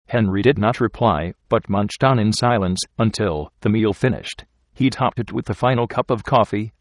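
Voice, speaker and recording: A man reading a story aloud with steady, measured narration. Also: on the low side, dry recording, clean studio sound. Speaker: audiobook narrator. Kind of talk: scripted narration.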